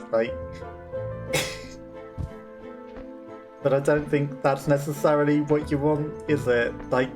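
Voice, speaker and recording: A Welsh woman streaming a game with casual, self-deprecating commentary and frequent laughter. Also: low voice. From Wales. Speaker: let's play streamer.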